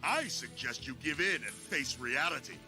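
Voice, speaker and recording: Menacing villain, played by a man; cold taunts, lively inflection, music under. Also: mid-range voice, moderate pace, natural voice. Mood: taunting. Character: calm, menacing grown male villain. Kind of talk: cartoon dub acting. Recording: dub audio with music underneath.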